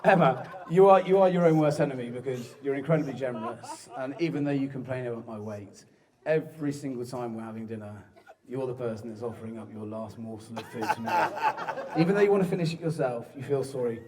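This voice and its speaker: A man's voice: mid-range voice, quick pace, darkish tone. A young man from giving a joking, self-mocking groom's speech at a wedding reception, often breaking into laughter. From southern England. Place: wedding reception hall with guests. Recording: crowd noise of a reception. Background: guests laughing and chatting.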